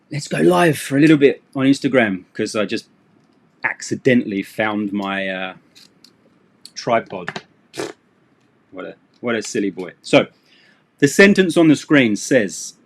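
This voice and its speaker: Slow, chatty male English teacher. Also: mid-range voice, animated. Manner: chatty, rambling, self-deprecating asides. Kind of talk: live-streamed English lesson.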